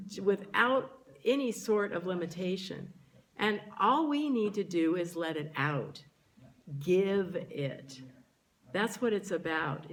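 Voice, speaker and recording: A woman's voice: low-pitched, vocal fry. A woman minister delivering a sermon in a church, speaking to the congregation and drawing out key words for emphasis. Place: church sanctuary.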